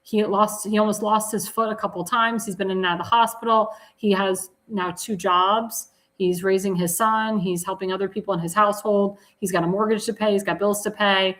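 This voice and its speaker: A woman's voice: mid-range voice, fairly even intonation, a little fast, a bit bright, low-quality recording. A woman hosting a live political talk show, plugging candidates with enthusiasm, repeating calls to donate and correcting herself mid-sentence.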